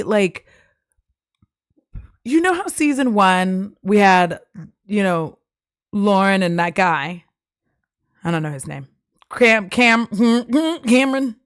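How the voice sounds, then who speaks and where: Giggly young woman streamer, casual chatter, medium pitch, dry close sound. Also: no echo. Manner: chatty, giggly, lots of fillers. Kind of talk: casual live-stream chat.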